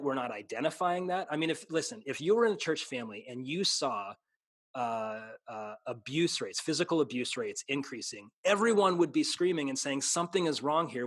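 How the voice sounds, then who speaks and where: A man's voice: mid-range voice, a bit bright, dry recording. A man who is a pastor in a casual conversation, speaking earnestly, restarting sentences and slipping into a preaching cadence. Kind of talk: casual chat.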